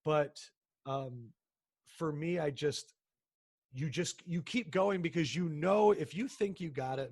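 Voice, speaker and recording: A sports broadcaster in his thirties, telling stories in a casual interview, animated and acting out the people he quotes. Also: fairly high pitch, unhurried, breathy edge, dry recording, studio quality. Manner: animated, acts out quoted people, frequent restarts.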